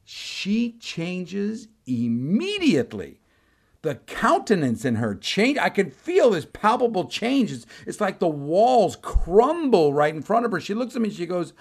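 A man tells a personal story with lots of energy, acting out each voice as he goes and laughing often. His pitch swings widely, rising and falling with the story. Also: a little slow. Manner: animated, acts out every voice, laughs often.

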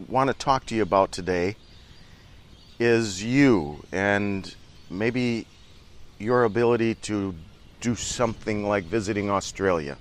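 An earnest man with a low voice gives an enthusiastic motivational talk as a leadership coach and dairy farmer. He often circles back and repeats his words. He records while away at a harbor.

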